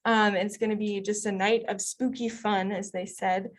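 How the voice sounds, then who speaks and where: A woman's voice: mid-range voice, little pitch movement, moderate pace. A woman hosting a student town hall, reading announcements in an upbeat way with many ums. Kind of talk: casual announcements.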